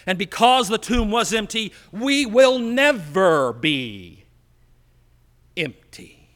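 A man preaching a sermon as pastor, slow and emphatic, dropping to a hush on key words, recorded in an empty church. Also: sits high, very animated, long reverb tail. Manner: slow, emphatic preaching with dramatic drops to quiet.

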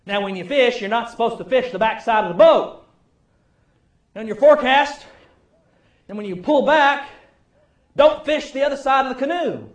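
A man voicing his gruff older grandfather who barks orders from a canoe. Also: very high-pitched, expressive, normal speed, pauses often, reverberant. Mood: instructive. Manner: bossy, barking orders.

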